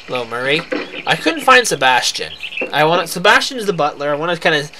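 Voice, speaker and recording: A man's voice: a little high, very animated, quick pace, a loud crowd. Tired rambling let's play guy. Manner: rambling, self-deprecating, many restarts. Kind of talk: casual game commentary. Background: loud game music.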